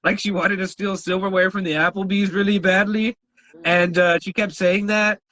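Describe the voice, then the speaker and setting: A man's voice: high-pitched, moderate pace, dry recording, low-quality recording. A man co-hosting a podcast, telling wild stories in casual chat, swearing and laughing often. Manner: animated storyteller, swears a lot, laughs often. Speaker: podcast co-host.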